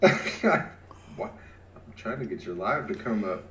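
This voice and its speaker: A man's voice: lowish voice, expressive, takes it slowly. A man co-hosting a podcast, chatting casually, giggling and tripping over tongue twisters. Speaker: podcast co-host. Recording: roomy echo with clear background noise.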